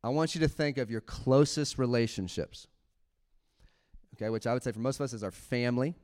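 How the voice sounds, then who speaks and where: A man preaching a sermon in church, animated, laughing often and acting out little quotes. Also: medium pitch, fairly quick, clean tone. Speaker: pastor.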